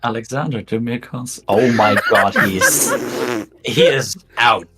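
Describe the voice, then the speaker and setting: Very low-voiced woman game master. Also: measured pace, loud music behind the voice. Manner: laughing, joking asides between rulings. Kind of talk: running a tabletop game with friends.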